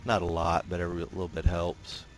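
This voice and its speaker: A man with a low, deep voice chats casually while he plays a naval warfare game, drifting between tactics and stories with plenty of "uh"s and restarts. Faint game music hums underneath his voice. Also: fairly quick. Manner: relaxed rambling, frequent fillers and restarts. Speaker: gameplay commentator. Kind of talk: casual gameplay commentary.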